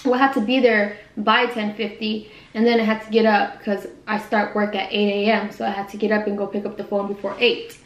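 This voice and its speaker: Young woman rambling to camera over food, pretty flat voice, echoey room at home. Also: medium pitch. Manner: rambling, self-correcting, says she talks fast. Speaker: vlogger. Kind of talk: casual mukbang chat.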